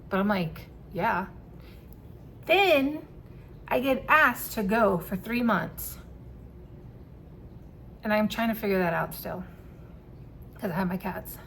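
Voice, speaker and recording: A woman telling a personal story to camera in a casual vlog, candid and quick to swear and laugh. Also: on the high side, creaky, fairly bright tone, a little hiss or hum. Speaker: vlogger.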